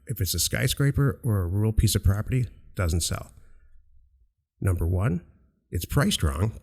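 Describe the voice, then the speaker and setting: A man's voice: fairly low pitch, dark tone. A man co-hosting a casual radio-style show, giving emphatic instructions and teasing his co-host. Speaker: podcast co-host. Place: outdoors near a beach.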